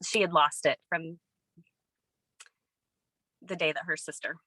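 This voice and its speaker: A woman's voice: low-pitched, steady tone, unhurried, pushed and bright, dry recording, poor audio. A woman giving an earnest, emotional personal testimony over a video call. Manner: earnest, tearful, storytelling. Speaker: testimony speaker.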